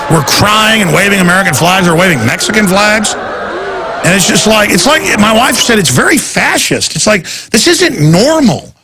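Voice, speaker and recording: A man's voice: high voice, creaky. A man hosting a talk radio show, delivering a heated, rambling and indignant monologue.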